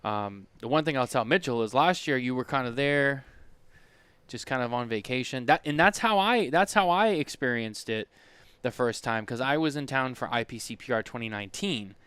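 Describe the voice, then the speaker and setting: A man co-hosting a relaxed podcast chats casually, telling a rambling story with lots of restarts and quoted back-and-forth. His voice is smooth and resonant at medium pitch and normal speed, recorded close and dry with no room sound.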